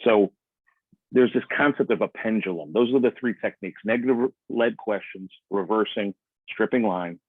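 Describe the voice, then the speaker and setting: A man as a sales trainer teaching on a video call, animated, acting out customer dialogue. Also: fairly low pitch, normal speed, no echo. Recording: tinny phone-like line.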